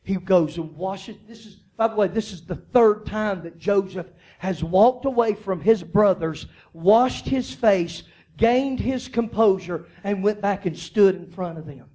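A man preaching a sermon, moving between quiet, low storytelling and loud, high-pitched shouting, often repeating his phrases. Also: a little slow. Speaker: pastor.

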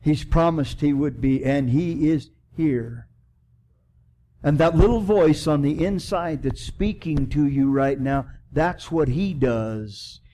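Preaching from the pulpit, this pastor's slightly high voice moves at a slow pace. He shifts between forceful, loud delivery and gentle, prayerful pleas.

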